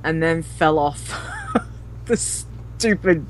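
Woman, podcast guest, casual gaming chat, giggly, rambling, unhurried, remote call. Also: deep voice, slight background noise.

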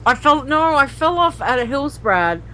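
A woman's voice: high voice, sing-song, normal speed, pushed and bright, slight background noise. A woman guest on a gaming podcast, telling stories in a giggly, rambling way over a remote call. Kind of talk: casual chat about gaming.

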